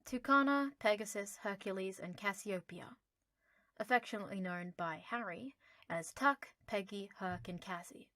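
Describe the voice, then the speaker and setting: A woman narrating an audiobook in a lively, playful storytelling manner. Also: mid-range voice, moderate pace, no room sound, clean studio sound.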